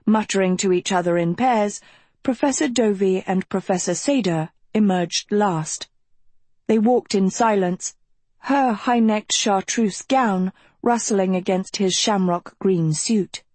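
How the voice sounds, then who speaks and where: A woman narrates a storybook slowly and evenly, her voice soft and breathy. The sound is close and dry, with no room echo. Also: mid-range voice. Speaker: audiobook narrator. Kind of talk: scripted narration.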